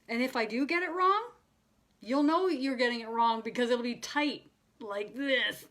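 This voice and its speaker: A woman's voice: mid-range voice, normal speed. Emotional woman medium channeling live. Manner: emotional, swings from bubbly laughter to soft hushed tones. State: near tears. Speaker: spiritual medium.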